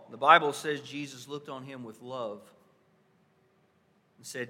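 A male pastor preaching a sermon, swinging from hushed softness to loud emphasis and posing rhetorical questions to his listeners. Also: medium pitch, steady tone, a little slow, in a large hall. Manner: dramatic shifts between soft hushed lines and loud emphatic ones; asks the congregation rhetorical questions.

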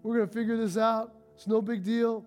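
A man's voice: level tone, soft background music, natural voice. A man putting on a furious truck owner. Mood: gentle, reassuring. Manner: ranting fast and high when angry, gentle and low when forgiving. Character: man whose truck got dented, angry then forgiving.

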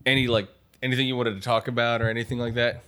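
A tipsy man chatting casually as co-host, quick and crude in his jokes. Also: mid-range voice, flat delivery, bright, forceful tone, smooth. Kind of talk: casual chat.

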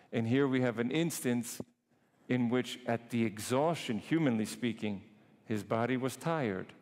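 A man preaching a sermon, emphatic, drawing some phrases out slowly and rushing others. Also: medium pitch, darkish tone, in a large hall. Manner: emphatic, shifts between slow and quick phrasing. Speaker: priest preaching.

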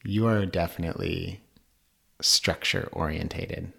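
A man in his thirties co-hosting a podcast, talking in a relaxed, reflective way and often agreeing. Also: low voice, measured pace, creaky. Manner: easygoing, reflective, affirming. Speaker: podcast co-host. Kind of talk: casual podcast chat.

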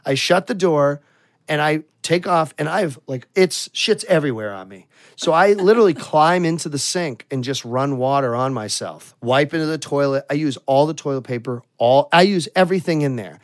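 A man telling a crude story in casual podcast chat, animated and breaking into loud laughing outbursts. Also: fairly high pitch, normal speed, no echo.

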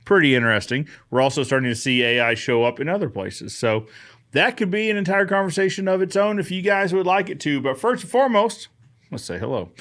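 Man, live-stream host, casual chat, upbeat, very animated pitch. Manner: upbeat, greets viewers by name and reads comments aloud. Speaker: host of a live fencing Q&A show.

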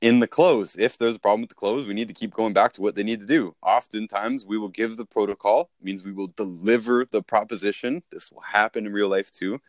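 A man's voice: on the low side, fairly quick, few pauses, dry recording, clean studio sound. A man talking casually as a sales coach, repeating and restarting himself as he explains.

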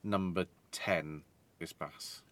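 Deep, bright-voiced man chatting. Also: steady tone, slow. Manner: enthusiastic, laughs often, rambling car talk. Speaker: podcast co-host. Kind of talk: casual chat.

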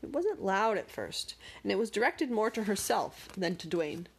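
A woman narrating a storybook with expressive, dramatic pacing. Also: medium pitch, normal speed, breathy edge.

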